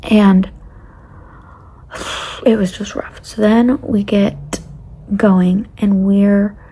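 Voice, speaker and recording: A young woman recounting a travel mishap in a casual storytime. Her voice is gravelly and husky with a mellow, dark tone. She rambles and often sinks into a breathy near-whisper. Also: medium pitch, fairly even intonation, very slow. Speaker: travel vlogger.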